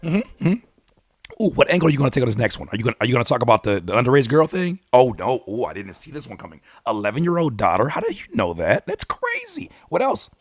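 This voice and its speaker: An excitable man on a casual live reaction stream, his voice leaping around in pitch as he bursts out and then drops to a mutter. He mixes read-aloud notes with slangy commentary. The sound is dry and close, with no room echo. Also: fast, slightly rough. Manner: excitable, swings from loud exclamations to muttering. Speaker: YouTube host reacting to a song.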